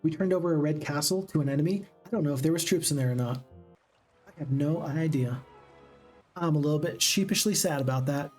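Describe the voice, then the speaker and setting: A let's play gamer with a slightly high, somewhat mellow voice talks briskly over soft background music. He gives casual commentary while playing a strategy game, thinking aloud and questioning himself along the way.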